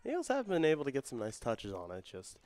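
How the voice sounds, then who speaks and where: A young man doing play-by-play for a student soccer broadcast. His voice climbs and quickens as the attacks build. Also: medium pitch, huge pitch swings, darkish tone. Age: young adult. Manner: rises and speeds up with the action. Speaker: play-by-play commentator. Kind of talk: student sports commentary.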